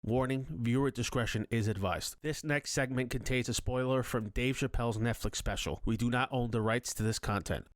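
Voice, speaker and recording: A man's voice: mid-range voice, normal speed, few pauses. A man hosting a podcast, chatting casually and setting up a clip. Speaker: podcast host. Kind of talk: casual chat.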